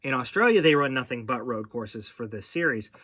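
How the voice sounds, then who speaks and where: A middle-aged man hosts a casual racing chat, rambling and restarting his sentences as he goes. His voice is bright and forward, and it sits close and dry with no room sound around it. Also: medium pitch, animated, a little fast, dry recording. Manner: rambling, with frequent fillers and restarts. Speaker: podcast host.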